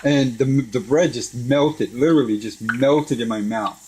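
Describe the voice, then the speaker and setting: A man's voice: medium pitch, unhurried, a little hiss or hum. A middle-aged man cooking at home with his son, chatting casually and telling a story with lots of laughs. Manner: chatty, animated storyteller who laughs often. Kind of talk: casual kitchen chat. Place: home kitchen beside a deep fryer.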